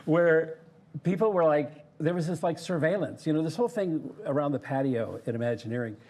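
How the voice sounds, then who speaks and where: With a slightly high voice at normal speed, an older ex-theme park designer recounts anecdotes during a casual interview, animatedly voicing what other people said.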